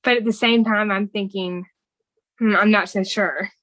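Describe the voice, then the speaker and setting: A woman's voice: mid-range voice, fairly even intonation, moderate pace, no echo, low-quality recording. A woman co-hosting a podcast, chatting casually and reading quoted movie lines aloud in an earnest tone. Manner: reads quoted film dialogue aloud, warm and earnest. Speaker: podcast co-host. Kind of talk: casual movie recap chat.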